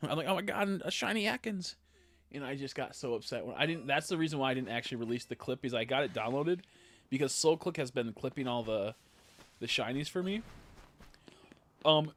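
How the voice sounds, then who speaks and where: Chatty swearing male game streamer. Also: medium pitch. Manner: chatty and rambling, swears often, quick excited reactions. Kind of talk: casual live-stream commentary while playing.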